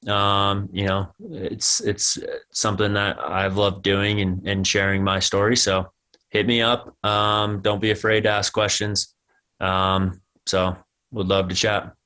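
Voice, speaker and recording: A man's voice: lowish voice, flat delivery, measured pace, sharp tone, clean tone. An American man in his thirties, a guest athlete giving thoughtful answers in a casual podcast interview. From United States.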